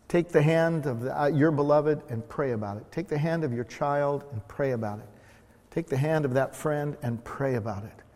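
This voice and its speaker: A man's voice: medium pitch, darkish tone. Man, pastor, sermon, repeats key phrases, echoing sanctuary. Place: church sanctuary. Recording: long reverb of a church hall.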